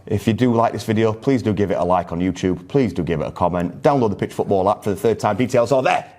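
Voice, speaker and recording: A man's voice: on the low side, fast talker, darkish tone, faint music behind. A man co-hosting a casual football chat, chatty and self-mocking. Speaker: podcast co-host.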